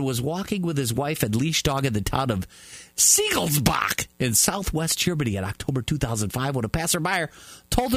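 A man with a husky, somewhat high voice reads joke headlines like a mock anchor, his pitch swinging widely as he plays up each punchline. The sound is dry and close, with no room around it. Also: fairly bright tone, no echo. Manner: laughs through his jokes, exaggerated newsreader delivery. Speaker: comedy news anchor. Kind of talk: mock news reading with banter.

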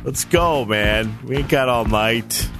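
A man's voice: mid-range voice, slow, over music. A man co-hosting a comedy talk show, casual, drawling and profane. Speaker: co-host.

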